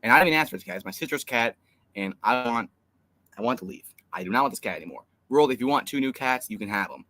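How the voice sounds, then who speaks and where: A man's voice: medium pitch, lively intonation, quick pace, sharp tone. A young man co-hosting a fan live stream, rambling through an exasperated story with lots of fillers. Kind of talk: casual live stream chat.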